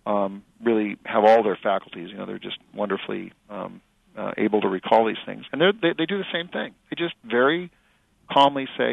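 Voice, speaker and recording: A middle-aged male author and journalist answering interview questions in a thoughtful, halting way with many fillers and restarts. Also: on the low side, gravelly, dry recording. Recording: dry tinny phone-like radio audio.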